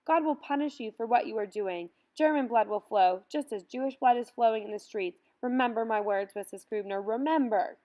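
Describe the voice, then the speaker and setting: Woman voicing a desperate mother, tearful, pleading, storybook reading, mid-pitched. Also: animated, moderate pace, close to an everyday voice. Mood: furious. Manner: pleading, tearful, rising to outcry. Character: desperate Jewish mother begging for her children.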